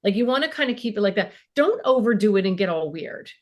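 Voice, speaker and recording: A woman's voice: mid-range voice, sing-song, fast talker. A woman in her fifties, a child and family therapist, talking casually as a podcast guest and acting out bits of parent and teen dialogue.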